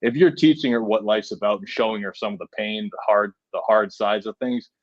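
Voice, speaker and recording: Brisk and steady, with a fairly low pitch, this man in his forties from Massachusetts is a truck driver guesting on a podcast. He tells stories in a rambling, casual way, relying on "you know" and "right?". The recording is dry, and the highs are cut off.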